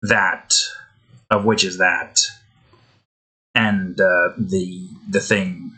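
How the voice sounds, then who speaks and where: A man's voice: low-pitched, level tone, extremely slow, sharp tone. A man giving rambling gameplay commentary while building in a game, interrupting himself often and swearing. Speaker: game content creator. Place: indoors.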